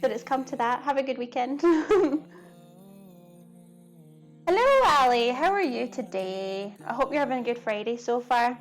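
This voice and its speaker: A chatty woman cooks on a live stream and talks easily to her viewers. Her voice sits a little high, she giggles often, and faint music plays in the background. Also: lively intonation, measured pace, long pauses. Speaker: cooking streamer. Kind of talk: casual live-stream chat while cooking.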